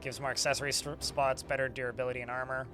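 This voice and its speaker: A man's voice: medium pitch, flat delivery, very fast, music in the background. A man casually commentating a strategy game while streaming, chatty and swearing now and then. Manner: chatty, swearing, talks to chat.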